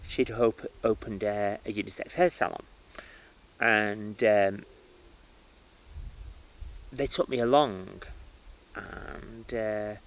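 A man who works as a spiritual medium, telling his life story in an interview with lively starts and restarts. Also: on the low side, slow, pauses often, poor audio. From United Kingdom. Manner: animated storytelling with many restarts and fillers.

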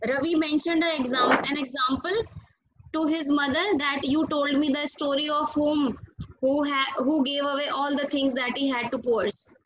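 A school teacher with an Indian English accent teaches a class over a video call, patiently calling on students by name, repeating names and questions, and praising them. Her high, a bit bright voice holds a steady tone at normal speed, though the recording is muffled.

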